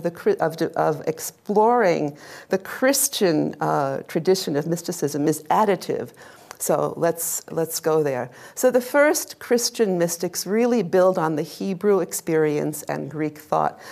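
Gravelly-voiced woman giving a lively lecture. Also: on the low side. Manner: warm, chatty, laughs often, asks the audience questions. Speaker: lecturer, religious sister. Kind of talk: live public lecture with slides. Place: lecture hall with a live audience.

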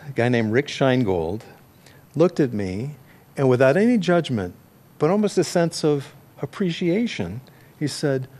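A man of middle age recounts a painful memory in an open, reflective way. He pokes fun at himself, stops to correct his phrasing and laughs at his own asides. His voice sits at an ordinary pitch for a man. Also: a little mellow. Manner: candid, self-deprecating, laughs at himself; restarts and corrects himself mid-sentence. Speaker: speaker telling a personal story. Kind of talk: reflective personal storytelling.

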